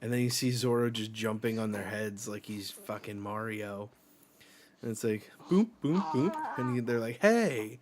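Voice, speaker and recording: A man's voice: fairly low pitch, normal speed, darkish tone. A man hosting a live reading reaction, casually retelling a manga chapter panel by panel and reading the characters' lines aloud, with the odd swear.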